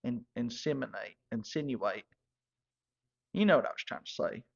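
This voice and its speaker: Man, mid pitch, rambling comic storyteller, slightly muffled lo-fi sound. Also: animated, moderate pace, creaky. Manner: rambling, drawling, self-correcting. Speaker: comedic storyteller in character. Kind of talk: comedic monologue.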